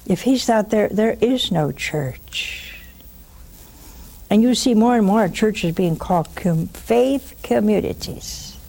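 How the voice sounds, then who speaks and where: An older woman hosting a religious call-in show, preaching emphatically, mocking at times and dropping to a hush. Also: medium pitch, animated, slow, gravelly. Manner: emphatic, scolding, mocking then hushed.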